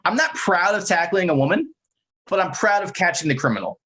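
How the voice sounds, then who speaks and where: A man co-hosting a podcast, telling a story in a casual, animated way and acting out the quotes. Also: high-pitched, fairly quick, slightly rough, rough recording. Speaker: podcast co-host.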